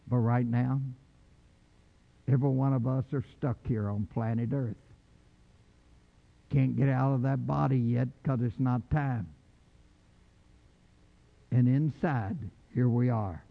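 An older man preaching a sermon with fervor, swinging from low quiet lines to shouted calls. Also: slow pace, gravelly, long pauses. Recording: muffled, echoey hall.

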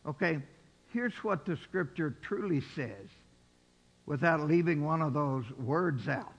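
A middle-aged male pastor preaching a sermon, stressing scripture slowly and dropping to quiet asides. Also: a little high, animated, slightly rough, lo-fi sound. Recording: long reverb from a large hall.

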